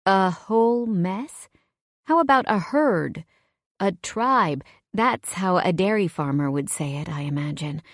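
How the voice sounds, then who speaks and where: A woman narrating a first-person romance audiobook in a wry, conversational, expressive way. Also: lowish voice, measured pace, no echo, studio quality.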